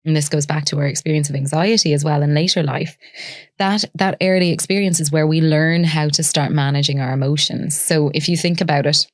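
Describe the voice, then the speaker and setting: A woman psychologist, a guest on an interview show, explaining ideas carefully with examples. When she acts out talking to a small child, her voice goes soft and sing-song. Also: sits low, fairly even intonation, fairly quick, no room sound, studio quality.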